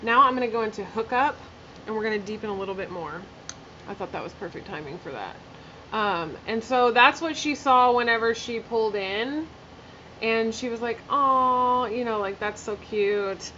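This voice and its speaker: A woman's voice: a little high, animated, normal speed, bright, forceful tone, dull audio, a little hiss or hum. A woman telling a personal story in a casual vlog while doing her makeup, chatty and candid, full of fillers and blunt swearing. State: emotional, near tears. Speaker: vlogger.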